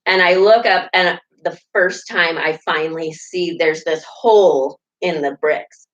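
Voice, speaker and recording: A woman who won a treasure hunt, casually telling how she found it, animated and laughing often. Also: lowish voice, measured pace. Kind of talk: casual recounting of an adventure. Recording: distant, dull lo-fi sound.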